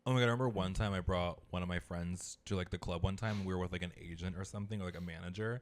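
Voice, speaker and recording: Low-voiced, fast-talking man chatting. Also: steady tone. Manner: chatty storyteller, filler-heavy. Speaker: podcast co-host. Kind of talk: casual chat.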